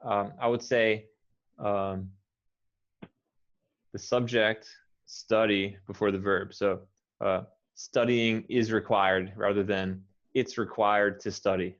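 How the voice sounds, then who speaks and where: A man with an American accent, an English teacher patiently coaching pronunciation and modeling words slowly. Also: on the low side, fairly even intonation, dull audio.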